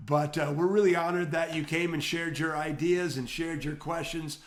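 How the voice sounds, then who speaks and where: A man with a Michigan accent co-hosting a retail training webinar, giving advice in an energetic, coaching tone. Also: a little high, moderate pace, reverberant. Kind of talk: casual webinar talk.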